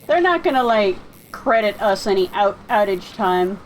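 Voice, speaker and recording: A woman's voice: mid-range voice, animated, normal speed, a little hiss or hum, poor audio. A woman from the United States giving rambling, chatty commentary while streaming a fishing game. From United States (California and Florida). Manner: rambling, chatty, self-deprecating. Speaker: let's play streamer. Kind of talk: casual gameplay commentary.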